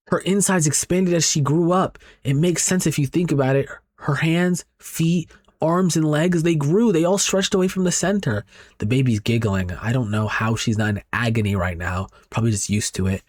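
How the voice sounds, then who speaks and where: A man's voice: medium pitch, dry recording. A young man gives casual, reactive commentary while recapping a horror manga. His voice sits in a mid range. It is recorded close and dry, with no room sound.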